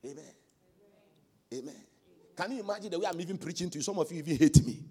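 A man preaching a sermon as pastor, swinging from quiet asides to loud shouted exhortation. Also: on the high side, quick pace, slightly rough.

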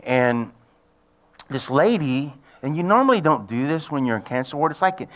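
A middle-aged man preaching a sermon, telling a personal story in a folksy way and building to loud, excited preaching. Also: mid-range voice, normal speed. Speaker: pastor.

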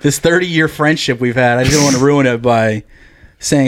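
A man's voice: mid-range voice, moderate pace, no echo, studio quality. A man co-hosting a podcast, telling a crude story in a rambling, profane way full of "like". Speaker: podcast co-host.

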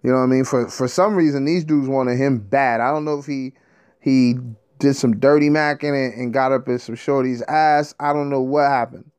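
Brief: male storyteller, mid-range voice, loose and animated, swears freely, streetwise slang. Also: mid-range voice, moderate pace, smooth. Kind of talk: casual monologue.

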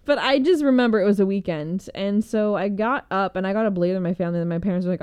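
A woman's voice: medium pitch, racing, few pauses, a little mellow, clean tone. A young woman casually telling a personal story, rambling with lots of fillers and frequent laughter. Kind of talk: casual chat.

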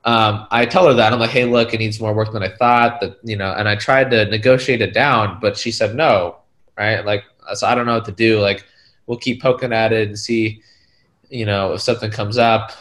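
A man's voice: fairly low pitch, normal speed. Rambling casual male storyteller. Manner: rambling, heavy on filler words, animated retellings. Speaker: real estate investor.

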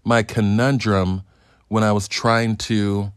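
A man's voice: on the low side, little pitch movement, slow pace, smooth, dry recording, studio quality. A man hosting a solo review podcast, talking in a hyped, profane, joking ramble. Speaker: podcast host.

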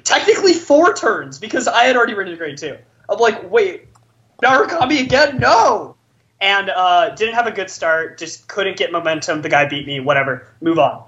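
Very animated and fairly quick with few pauses, the high-pitched, slightly bright co-host rambles through a long story among friends, leaning heavily on "like." The audio is dull.

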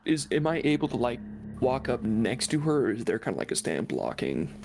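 A man playing a tabletop game, speaking in a gentle, halting way. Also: mid-range voice, sing-song, vocal fry, background noise. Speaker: player.

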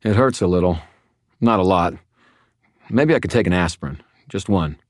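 A man plays a wisecracking male wizard, wry and self-mocking. The lines sit above the reader's deep narrating voice, recorded close with no room sound. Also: animated, moderate pace, no room sound. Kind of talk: audiobook character voice.

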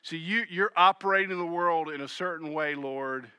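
A man preaching a sermon, acting out the voices of people in his text and swinging between loud emphasis and soft, low asides. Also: normal speed, smooth, no room sound. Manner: animated, acts out voices of Jesus and Peter.

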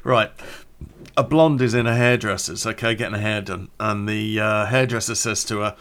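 A man's voice: lowish voice, steady tone, normal speed, fairly bright tone. A man hosting his own storytelling podcast, talking in a rambling, chatty way and laughing at his own jokes. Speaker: podcast host. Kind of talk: casual storytelling podcast intro.

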